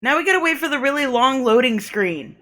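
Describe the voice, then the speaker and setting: Bright-voiced woman streamer ranting. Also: high voice, animated, brisk. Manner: reads game narration aloud, then rants and swears in frustration. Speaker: game streamer. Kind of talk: live gameplay commentary.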